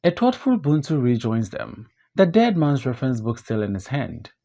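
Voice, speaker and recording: A man narrating stage directions for an audiobook of a play, measured and descriptive. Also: mid-range voice, wildly swooping pitch, gravelly, mellow, lo-fi sound.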